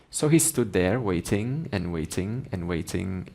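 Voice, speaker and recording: A man teaching Vedanta, telling a story in a measured, gently emphatic way. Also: deep voice, expressive, gravelly. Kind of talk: storytelling in a spiritual lesson.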